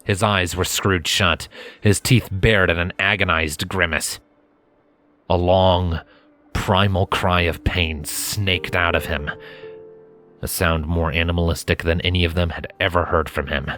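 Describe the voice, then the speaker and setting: A man reading a fanfiction story aloud in steady, measured narration. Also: deep voice. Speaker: fanfiction reader.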